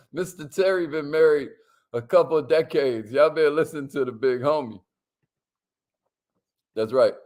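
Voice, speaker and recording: Man in his own casual voice, a slightly high-pitched livestream host who talks slang and hypes up the chat. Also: unhurried, long pauses. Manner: lively, hypes up viewers and reads their comments; drops to a near whisper to make a point. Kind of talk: casual livestream talk to viewers.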